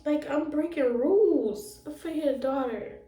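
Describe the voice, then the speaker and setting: A woman's voice: high-pitched, measured pace, mellow, pitched above the performer's own voice. Urgent pleading social worker, as a woman retells her. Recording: roomy sound from a distant mic.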